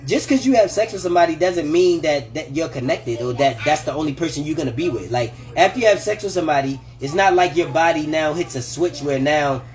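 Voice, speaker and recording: This animated, high-voiced host talks a little fast with few pauses, faint music playing behind him as he livestreams relationship advice from his home kitchen. The casual chat is profane and laugh-filled, with quoted voices acted out.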